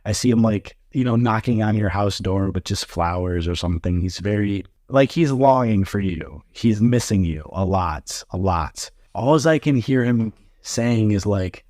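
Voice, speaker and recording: A man doing a casual spiritual card reading, speaking gently and reassuringly, with frequent pauses and fillers. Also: on the low side, expressive, no room sound, studio quality. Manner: gentle, halting, filler-heavy reassuring talk. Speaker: tarot card reader.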